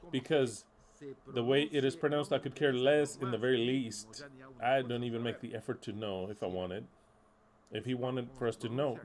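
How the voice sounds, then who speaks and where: A man delivering a sermon with a medium-pitched voice. He talks emphatically and bluntly. He repeats his key words and swears now and then. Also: darkish tone. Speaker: preacher.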